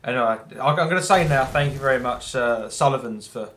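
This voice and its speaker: A man's voice: medium pitch, a little fast, fairly bright tone, a little hiss or hum. A young man with an English accent, chatting casually and rambling while commentating his own gameplay. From England. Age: young adult. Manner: rambling, chatty, self-deprecating. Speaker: gamer giving commentary.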